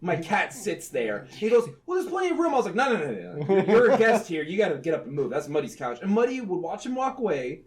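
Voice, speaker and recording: A man co-hosting a casual podcast chat, telling profane stories with loud laughing outbursts. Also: high-pitched, big pitch swings, fast, few pauses. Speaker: podcast co-host.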